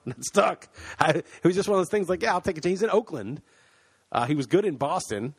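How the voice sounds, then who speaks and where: A podcast co-host with a high, husky voice talks briskly with lively intonation. The chat is loose and rambling, and he laughs as he talks, recorded on a computer mic over a remote call.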